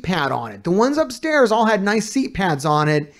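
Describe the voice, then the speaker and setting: A man's voice: high-pitched, sing-song, moderate pace, few pauses. A man reacting to a video as a streamer, ranting in casual, heavily profane and exasperated commentary.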